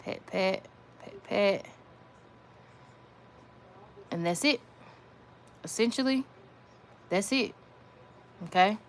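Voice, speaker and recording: Slow-talking chatty woman, nail tutorial. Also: mid-range voice. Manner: chatty, repeats phrases, talks to viewers as y'all. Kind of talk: casual nail art tutorial. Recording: faint background noise.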